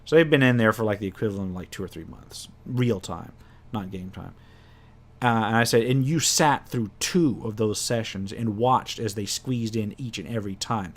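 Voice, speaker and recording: A man's voice: lowish voice, moderate pace. Rambling man telling a game story. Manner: rambling, many restarts, acts out players' voices. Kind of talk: casual storytelling.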